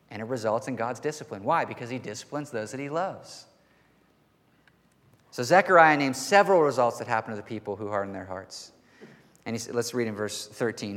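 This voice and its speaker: A man preaching a sermon to his church in an earnest voice that rises to forceful emphasis. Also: mid-range voice. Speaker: pastor. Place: church sanctuary. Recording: long hall reverb.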